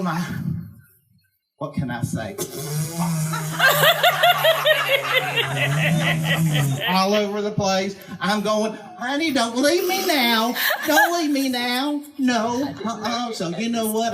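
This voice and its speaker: Performer doing a folksy church lady, rambling storyteller, sing-song lively voice, slow unhurried delivery, loud background noise. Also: medium pitch, lightly acted. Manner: folksy, rambling, laughs through her lines. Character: chatty small-town church lady, woman, storytelling. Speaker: stand-up comic character. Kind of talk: live stand-up storytelling. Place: karaoke night at a venue.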